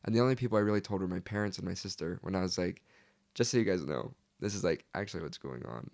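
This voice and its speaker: A young man talking as a podcast guest, his voice a touch low with a gravelly fry running through it. He tells his story earnestly and casually, with "like" sprinkled all through his sentences. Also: quick pace, darkish tone. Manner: earnest, leans heavily on "like".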